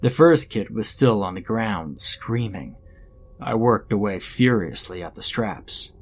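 A man's voice: lowish voice, expressive, unhurried, a little hiss or hum. A man narrating a scripted first-person horror story in a dramatic storytelling manner.

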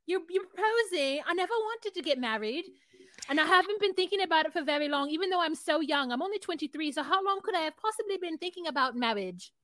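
A woman's voice: extremely high pitch, expressive, quick pace, fairly bright tone, dry recording. A woman doing a mocking impression of a 23-year-old woman in a put-on British accent that keeps slipping, complaining in a whiny, theatrical way. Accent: mock British, slipping.

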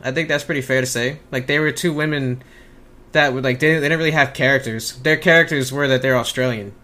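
A man's voice: mid-range voice, fairly even intonation, a little fast, sharp tone. A man co-hosting a casual wrestling podcast, chatting with dry jokes. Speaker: podcast co-host.

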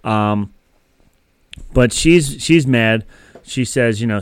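A man chats through an episode recap in a casual, rambling way, full of fillers and restarts. His voice is smooth and clear, recorded dry and close. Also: mid-range voice, slow pace, no room sound. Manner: rambling, filler-heavy storytelling. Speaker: podcast co-host.

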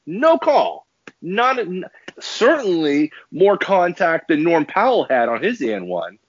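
A man's voice: on the high side, big pitch swings, a little slow, slightly rough, highs cut off. Man ranting heatedly on a podcast. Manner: emphatic, repetitive restarts, angry. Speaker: podcast co-host. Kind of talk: heated sports podcast rant.

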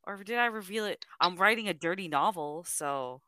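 A woman's voice: fairly low pitch, lively intonation, normal speed, pushed and bright, no echo. A young woman co-hosting a casual podcast, chatting and improvising a story with frequent giggles. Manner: giggly, breaks into laughter while narrating. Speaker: podcast co-host.

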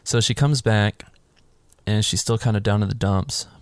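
A man in casual podcast chat, retelling a film scene by scene and acting out the characters in higher voices. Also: normal speed, no echo, clean studio sound. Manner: animated, acts out characters' lines in higher voices.

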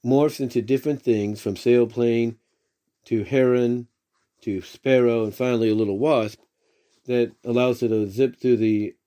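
A man talking through a story recap in a loose, unscripted way. His voice sits at a middle pitch for a man, and he keeps tripping over himself, backing up and filling the gaps with the same stock phrases. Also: fairly even intonation, a little slow, warm tone. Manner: rambling, many fillers and restarts, repeats "if you will".

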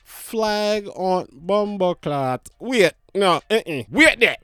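A man telling a comedic rant, dropping into low put-on voices when he mimics others. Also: expressive, takes it slowly, few pauses, bright, forceful tone, clear, resonant tone, no echo, clean studio sound. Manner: exaggerated, swings into low put-on voices for callers. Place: indoors at home.

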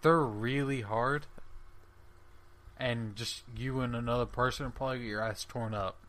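A man's voice: mid-range voice, fairly even intonation, unhurried, a bit bright. A man on a casual gaming podcast, explaining things patiently, step by step. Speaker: podcast co-host.

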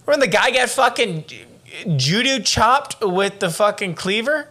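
A man co-hosting a casual true-crime podcast, telling the story in an animated, excitable way and swearing freely. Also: sits high, a little slow. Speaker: podcast co-host.

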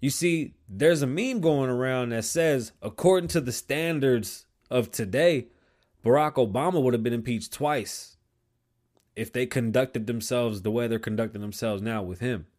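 A medium-pitched man hosts his own podcast from a small studio, talking casually on his own and swearing often. When he tells a story he gets loud and animated.

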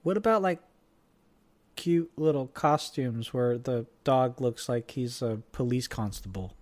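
A young man chatting casually and jokily as a podcast co-host, rambling and animated. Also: medium pitch, unhurried. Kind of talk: casual chat.

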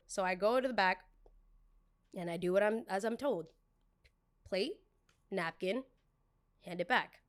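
A woman podcast host telling a story casually, with animated and dramatic retelling and quoted dialogue. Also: medium pitch, unhurried, long pauses.

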